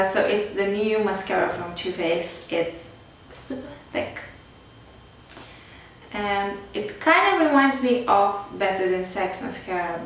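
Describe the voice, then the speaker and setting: A woman vlogger chatting casually through a makeup tutorial, filling her talk with "like" and "kinda". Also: medium pitch. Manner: chatty, filler-heavy with frequent "like" and "kinda". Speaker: beauty vlogger. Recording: very echoey room, mic at a distance, faint background noise.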